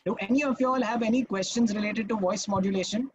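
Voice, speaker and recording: A man's voice: sits high, quick pace, slight background noise, poor audio. A man teaching public speaking in a live online masterclass, talking emphatically and often checking in with his listeners. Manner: emphatic and instructive, checks in with "Okay?". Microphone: video call.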